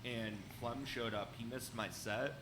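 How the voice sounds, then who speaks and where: A man's voice: medium pitch, steady tone, unhurried, background noise. A man, a comedian on a podcast, telling an embarrassing story hesitantly, with many fillers. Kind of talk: casual chat, storytelling.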